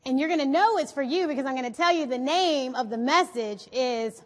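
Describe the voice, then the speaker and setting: Female motivational speaker, high voice, lively stage storyteller, big reverberant hall. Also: fairly quick, few pauses. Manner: animated, often asks the audience "right?". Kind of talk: inspirational stage talk with storytelling. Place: on a stage before an audience.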